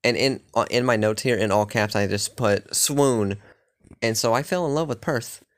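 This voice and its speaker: A man's voice: fairly low pitch, fairly quick. A man casually recapping his playthrough of a fantasy game, rambling and swearing with lots of filler words. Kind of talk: casual chat.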